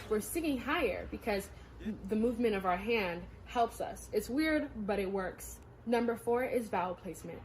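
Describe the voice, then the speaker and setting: A woman giving a casual, step-by-step singing lesson, explaining technique plainly. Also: mid-range voice. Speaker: singing teacher.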